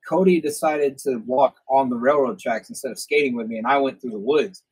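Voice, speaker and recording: A young man with a drawl hosts a casual podcast chat. His voice is husky and breathy at a middle pitch, and he jumps into loud imitations whenever he quotes someone. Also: a little fast, poor audio. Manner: animated storyteller, acts out quoted lines loudly. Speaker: podcast host.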